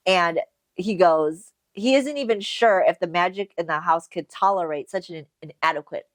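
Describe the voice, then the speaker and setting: A woman co-hosting a podcast, retelling a story in casual chat, animated and swearing, laughing often. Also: lowish voice, moderate pace, no echo. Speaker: podcast co-host. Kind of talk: casual book recap chat.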